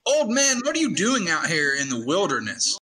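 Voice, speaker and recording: A man's voice: a little high, huge pitch swings, normal speed, pushed and bright, exaggerated voice, poor audio. A man voicing a blunt, muscular male adventurer in an online tabletop game. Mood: gruff.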